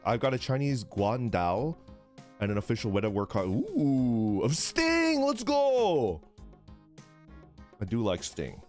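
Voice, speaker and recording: Lively, animated young man chatting casually. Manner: rambling, laughing, swearing, acts out voices in a high yell. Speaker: streamer. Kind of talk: casual chat stream.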